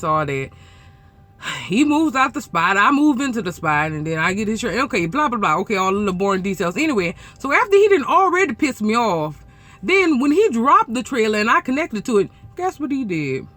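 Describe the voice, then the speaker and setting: A woman truck driver telling a story to her viewers in a blunt, profane, animated way. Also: medium pitch. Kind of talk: casual storytelling vlog.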